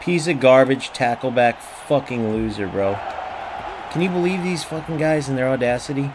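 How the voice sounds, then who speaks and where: A man's voice: medium pitch, normal speed, crowd noise, noisy background. A man streaming a football video game, frustrated and trash-talking his opponents with plenty of swearing. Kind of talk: live gameplay commentary.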